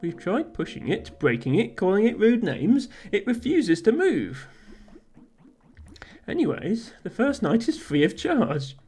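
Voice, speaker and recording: A woman's voice: medium pitch, big pitch swings, a little slow, warm tone, slightly rough, voice pushed up. A woman reading the lines of a cheerful male hotel host on a volcano, in her own plain voice without any accent. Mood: welcoming.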